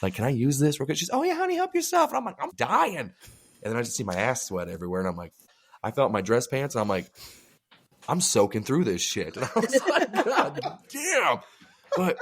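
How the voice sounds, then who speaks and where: A man co-hosting a casual podcast, telling crude, animated stories and acting out the people in them. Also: mid-range voice. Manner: animated storytelling with acted-out quotes; crude joking. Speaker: podcast co-host. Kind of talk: casual chat.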